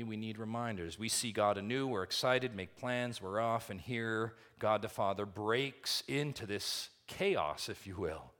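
A male pastor preaching a sermon, swinging from loud, rising emphasis to quiet, low asides and asking the congregation rhetorical questions.

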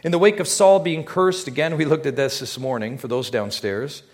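A man's voice: a little high, moderate pace. A man preaching a sermon as pastor, emphatic, drawing the congregation in with rhetorical questions he answers himself.

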